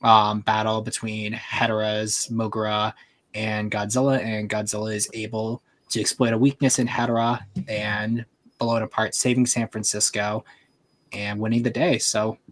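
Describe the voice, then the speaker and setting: A man's voice: fairly low pitch, flat delivery, moderate pace, fairly bright tone. Man hosting a chatty livestream. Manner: loose and chatty, with fillers and restarts. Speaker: livestream host. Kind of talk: casual livestream chat, summarizing a fan story.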